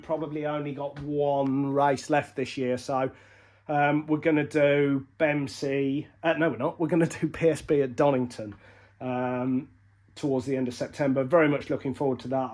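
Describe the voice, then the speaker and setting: Male racer, breathless after illness, rambling workshop vlog, slightly raised voice. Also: on the high side. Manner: rambling, many fillers and restarts. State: short of breath. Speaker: motorbike racer vlogging. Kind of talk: casual vlog update.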